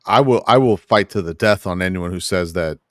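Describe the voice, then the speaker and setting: Middle-aged man, low voice, rambling, enthusiastic podcast chat, dry sound. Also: brisk, a bit bright, dry recording. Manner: enthusiastic, rambling, laughs often. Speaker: podcast co-host. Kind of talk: casual chat.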